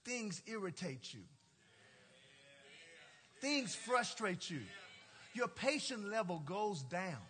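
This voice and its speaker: A male pastor telling a story from the pulpit in an animated, playful way, laughing and talking straight to the congregation. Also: high voice, slow, long pauses, faint music behind. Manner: colloquial, drawling "y'all" and "ain't". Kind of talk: storytelling sermon.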